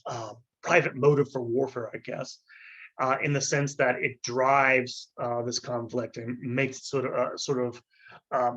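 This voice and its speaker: Male lecturer, mid-pitched, halting delivery with restarts, throat clearing, dull lo-fi sound. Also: fairly bright tone. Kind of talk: unscripted history lecture.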